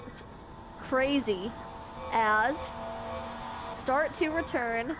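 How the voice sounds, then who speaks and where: A woman's voice: high-pitched, very slow, over music. A woman streamer giving casual, playful commentary over a game, joking and stumbling over words.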